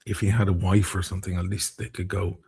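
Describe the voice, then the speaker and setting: A man's voice: low-pitched, level tone, fast talker, gravelly, dark tone, breathy edge. A man chatting casually on a live stream, rambling, swearing freely and laughing often between thoughts.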